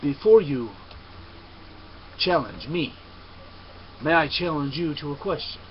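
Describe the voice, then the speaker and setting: A man voicing a calm, wise young male monk who speaks softly and in a measured way, on a dull recording with faint hiss. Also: on the high side. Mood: calm, serene. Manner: soft, quiet, measured.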